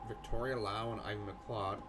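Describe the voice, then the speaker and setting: A young man giving excitable, jokey let's-play commentary, swearing casually. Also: fairly low pitch, moderate pace, very noisy. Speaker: gaming host.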